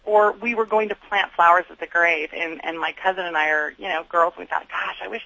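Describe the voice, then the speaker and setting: A woman's voice: on the low side, fairly quick, sharp tone, no room sound. A middle-aged woman, a guest, telling her story earnestly and acting out her own inner dialogue. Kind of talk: candid interview storytelling. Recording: dull lo-fi sound.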